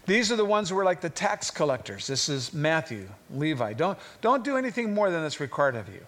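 A man's voice: a little high, brisk, hardly any pauses. A man teaching through a Bible passage in a conversational sermon style, lifting his voice when he acts out the people he quotes. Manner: conversational, rising to animated voices for quoted figures.

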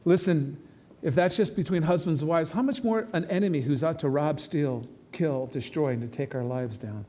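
Preaching in a church sanctuary, a male pastor with a fairly high voice for a man keeps his sermon loose, conversational, and animated, slipping in quick acted-out quotes along the way.

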